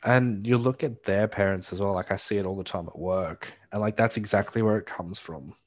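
A man's voice: fairly low pitch, fairly quick. A young man chimes in on a casual podcast, mostly agreeing and adding blunt complaints. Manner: agreeable, chimes in with short replies, blunt opinions. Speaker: podcast co-host. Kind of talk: casual chat.

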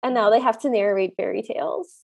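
A woman co-hosting a podcast, recapping a movie with wry, deadpan humor. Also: fairly high pitch, a little fast, gravelly, breathy edge, highs cut off. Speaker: podcast co-host. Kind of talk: comedic movie recap chat.

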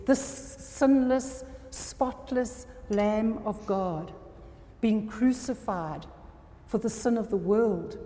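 A woman's voice: mid-range voice, mellow. A woman preaching an earnest sermon to a congregation, often checking that her listeners are still with her. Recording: long reverb of a hall.

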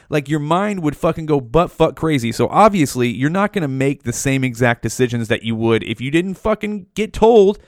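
A man's voice: a little high, dry recording, studio quality. A man in his forties hosting a solo podcast, ranting heatedly with constant swearing, talking right up against the microphone in a small room at home. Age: 40s. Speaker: podcast host. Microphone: mouth right up against the mic.

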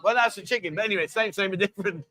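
A man's voice: sits high, racing, pushed and bright, rough recording. A man hosting a casual live show in a bar, joking, coaxing guests into quizzes and drinking games, calling them darling. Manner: jokey, bossy, coaxing, calls people darling. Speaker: host.

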